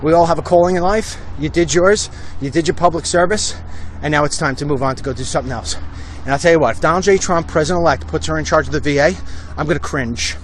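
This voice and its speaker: This is a middle-aged man with a fairly high voice, delivering a blunt, heated political rant as he walks outside. He talks into a handheld phone, and faint noise sits behind him. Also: quick pace, hardly any pauses. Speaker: host of a walk-and-talk political show. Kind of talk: opinionated live-stream monologue while walking. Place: outdoors on a residential street.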